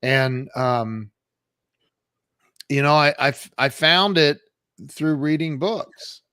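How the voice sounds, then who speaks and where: A man's voice: on the high side, slow, clean tone, dry recording, studio quality. Man in his 50s telling his story. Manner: animated storyteller with frequent restarts and fillers. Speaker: podcast guest, entrepreneur. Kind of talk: conversational life storytelling.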